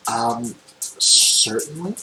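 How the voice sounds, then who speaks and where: A man running a tabletop game as game master, describing scenes in unhurried narration with frequent ums. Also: medium pitch, expressive. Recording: echoey room with faint noise.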